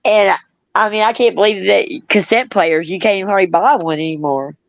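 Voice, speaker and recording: A woman's voice: mid-range voice, a little fast, creaky, dry recording. A middle-aged woman hosting a casual chat, reminiscing in a rambling way, laughing often, and reading out viewer comments. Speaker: host. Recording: dull, lo-fi.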